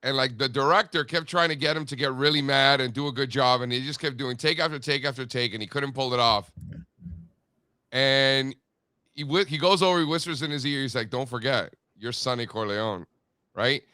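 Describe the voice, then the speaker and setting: A man's voice: mid-range voice, a little fast, bright, forceful tone, clean tone, no echo, clean studio sound. A man co-hosting a show in casual chat, telling anecdotes. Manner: chatty, tells anecdotes. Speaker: co-host.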